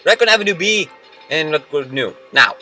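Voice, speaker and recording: Young male gamer, bright and animated, excitable, faint game music underneath. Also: a little high, normal speed. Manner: excitable, shouts and yells at the game. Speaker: let's play gamer. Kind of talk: game commentary. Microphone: computer mic.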